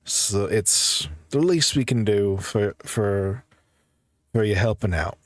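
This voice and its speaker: A man's voice: lowish voice, takes it slowly, dry recording, clean studio sound. A man voicing a hospitable, folksy Southern father who lives on a boat, in a tabletop game. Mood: welcoming. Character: hospitable middle-aged Southern boatman father.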